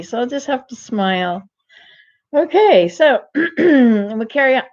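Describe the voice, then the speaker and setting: An older woman talks to her viewers in a folksy live-stream monologue, wandering from one thought to the next and restarting her sentences often. Her voice sits a little high. The webcam audio is dull and muffled. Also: expressive, slow, darkish tone. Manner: rambling, digressive, many restarts. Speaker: vlogger.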